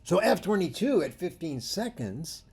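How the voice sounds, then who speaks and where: A male photography instructor gives a presentation, telling workshop stories with animated delivery. His voice is slightly husky and his pitch swings widely. He acts out the dialogue as he goes. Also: normal speed. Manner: animated storytelling, acting out dialogue.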